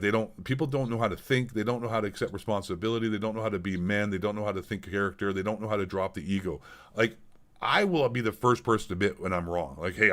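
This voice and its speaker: His voice sits on the low side with a fairly bright tone as this middle-aged Canadian man rants on a stream. It's a casual, heated, blunt monologue, heavy on swearing and repetition.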